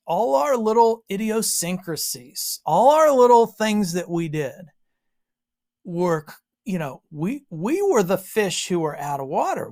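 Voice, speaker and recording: An American woman from Western Pennsylvania giving an informal Bible exposition, telling stories with frequent asides. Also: on the low side. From Western Pennsylvania, USA. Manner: animated storytelling with frequent asides. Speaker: Bible teacher.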